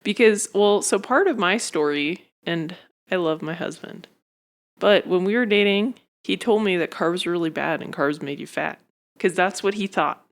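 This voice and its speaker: A woman's voice: on the low side, normal speed. A woman hosting a casual podcast chat, blunt and teasing toward her co-host. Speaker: podcast host, fitness coach.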